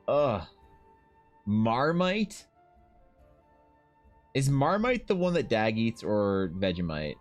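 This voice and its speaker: A man from Ukraine chatting casually on a livestream, riffing with mock outrage and plenty of swearing as he reads. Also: mid-range voice. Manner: animated, profane, mock-outraged riffing while reading. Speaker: streamer.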